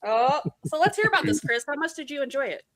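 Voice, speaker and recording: A woman's voice: high voice, animated, fast talker, a crowd in the background. A woman co-hosting a podcast in casual chat, playful and teasing with her guests. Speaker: podcast co-host.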